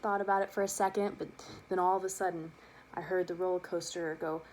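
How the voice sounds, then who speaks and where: A young adult woman telling a personal childhood story, lively and animated, acting out the quotes. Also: fairly low pitch, brisk, slight background noise. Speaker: student storyteller.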